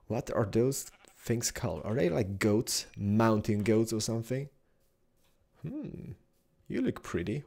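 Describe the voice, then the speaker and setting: A young man giving excitable Let's Play commentary, exclaiming and chatting to the animals he finds. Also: lowish voice, measured pace, creaky, slight background noise. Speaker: gaming YouTuber.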